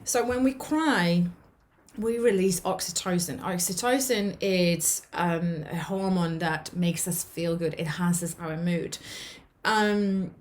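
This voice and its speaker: A woman's voice: lowish voice, slow pace. A woman talking straight to camera, earnest and encouraging, often restarting and checking in with "okay?". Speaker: vlogger giving life advice. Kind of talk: casual talk to camera.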